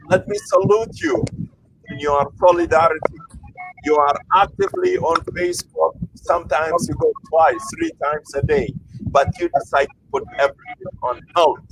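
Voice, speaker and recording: A man hosting an online interview, speaking in an earnest, reflective and measured way. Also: a little high, a little hiss or hum, poor audio. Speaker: host.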